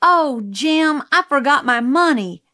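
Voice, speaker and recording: A woman voicing a spirited young tomboy girl with blunt, quick questions in a storybook reading. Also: high-pitched, expressive, a bit bright, voice pushed up. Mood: eager.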